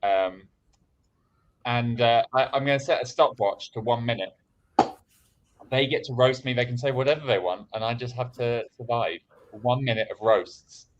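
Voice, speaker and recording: A man's voice: medium pitch, moderate pace, muffled recording. A man hosting an online improv comedy livestream, chatting casually and reading out viewer donations.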